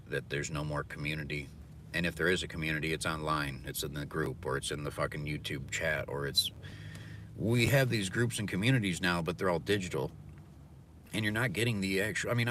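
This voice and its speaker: A man's voice: rumbling low, fairly bright tone, slight background noise. A man ranting profanely and philosophizing from his car during a casual livestream. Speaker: livestreaming delivery driver.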